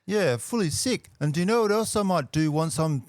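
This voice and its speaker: An Australian man doing a slangy, laid-back Kiwi bloke with a put-on New Zealand accent, pitched well above his own voice. The jokey ad read comes across dry and close. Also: animated, fairly quick, a little mellow, dry recording, lightly acted. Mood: joking.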